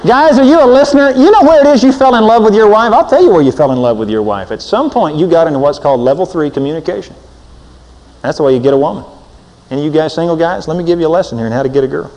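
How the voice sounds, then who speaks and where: A man preaching a sermon in an animated, humorous way, swinging from loud bursts to soft asides. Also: on the high side, rapid-fire. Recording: long hall reverb.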